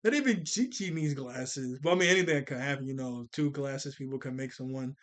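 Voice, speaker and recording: A man giving casual, excitable commentary on a film, often laughing and stumbling over his words. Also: medium pitch, fairly quick. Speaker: channel host reacting to an anime film.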